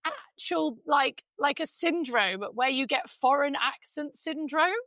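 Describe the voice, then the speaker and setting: A woman's voice: high-pitched, a little slow, fairly bright tone, no room sound. A woman co-hosting a podcast, chatting frankly with a giggly, talkative manner. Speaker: podcast co-host. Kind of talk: casual chat.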